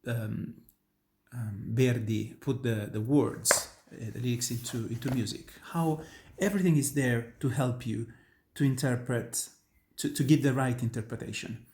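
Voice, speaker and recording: In an instructional talk on singing, an opera tenor and voice teacher from Italy explains an aria to his students in an earnest, emphatic way, often starting sentences over. He is a native Italian speaker with an Italian accent, and his mid-range voice is a little mellow, moving at normal speed.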